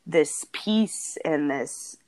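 Deep, warm and very slow, this woman's voice carries her podcast co-hosting. She talks in a casual, earnest, heartfelt way and often laughs mid-sentence.

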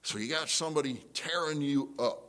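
A middle-aged man preaching a sermon, telling a story and acting out the voices in it with big jumps up in pitch. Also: fairly quick. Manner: animated storytelling, jumps high to act out quotes. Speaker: pastor. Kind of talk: sermon with acted-out anecdote.

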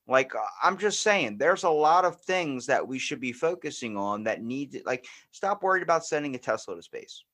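A man's voice: medium pitch, animated, normal speed, few pauses, a bit bright. A man hosting a podcast in casual chat, blunt and free with swearing, acting out past conversations. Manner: blunt, swears freely, acts out quoted exchanges. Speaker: podcast host.

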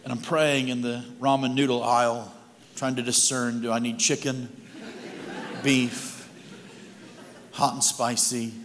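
Speaking a little slowly in a level, medium-pitched voice with a fairly bright tone, a man guest-preaches at church, sharing amusing anecdotes from his own life in a chatty, storytelling sermon. Music sits behind him in a long-reverb hall, with slight hiss or hum.

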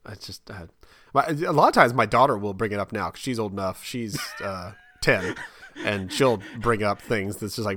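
A man's voice: fairly low pitch, moderate pace, a bit bright, no echo. A man in his thirties chatting casually on a podcast, laughing often, stumbling over restarts and slipping into exasperated put-on voices. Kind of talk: casual comedic chat.

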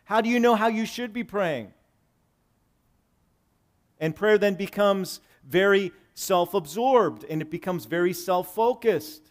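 Male pastor, somewhat high voice, preaches with big swings from loud to hushed, reads scripture and unpacks it plainly. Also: unhurried. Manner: dynamic preaching, swinging between loud emphasis and hushed low lines; reads scripture aloud and paraphrases it conversationally. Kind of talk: sermon.

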